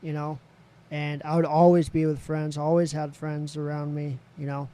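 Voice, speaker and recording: A man's voice: fairly high pitch, monotone, normal speed, mellow. A man, a podcast guest telling a personal story in casual talk, candid and swearing freely. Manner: candid, swears freely, voices others in quotes.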